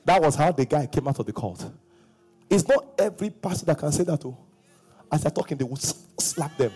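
A middle-aged pastor preaching a sermon, breaking into sung phrases and shouts and acting out quoted voices. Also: male voice, fairly high pitch, animated, fairly quick, husky.

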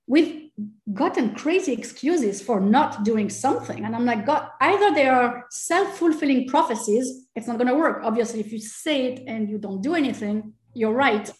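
French-accented woman guest, fairly high voice, lively and laughing, roomy echo. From Corsica, France. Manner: animated, laughs often, acts out quotes. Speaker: fitness coach, guest. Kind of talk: casual interview chat.

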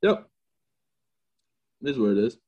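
A man's voice: medium pitch, a little slow, breathy edge, highs cut off. A man, an army veteran, telling stories casually as an interview guest, joking and acting out quotes. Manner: animated, jokey, acts out quotes and gun sounds. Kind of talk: casual storytelling.

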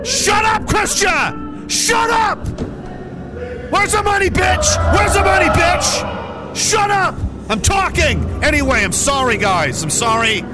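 A man playing a harsh asylum warden who keeps yelling at his inmates. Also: high voice, moderate pace, loud music behind the voice, pitched above the performer's own voice, lightly acted. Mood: barking. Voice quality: yelling, abusive barks.

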